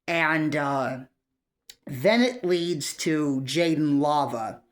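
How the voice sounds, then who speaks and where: Rambling woman with a lowish voice. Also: lively intonation, drawn-out words. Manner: rambling, many fillers, light chuckles. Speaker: video creator. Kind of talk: casual commentary vlog.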